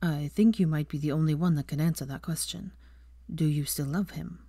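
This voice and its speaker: A woman voicing a grown man, a gentle wizard, in a lowered, hushed, tender voice. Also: fairly even intonation, brisk, no echo, clean studio sound.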